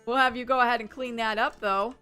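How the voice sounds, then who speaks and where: A woman's voice: fairly high pitch, steady tone, fast talker, sharp tone, clear, resonant tone, faint music behind. A woman hosting a gaming channel, giving chatty let's-play commentary and narrating every move.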